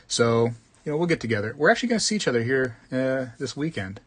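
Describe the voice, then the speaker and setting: A man's voice: mid-range voice, big pitch swings, brisk, a bit bright. A man hosting a live morning stream about coins, chatting casually, joking around and reading out viewer comments. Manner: rambling, joking, reads out chat comments. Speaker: host of a live coin collecting stream.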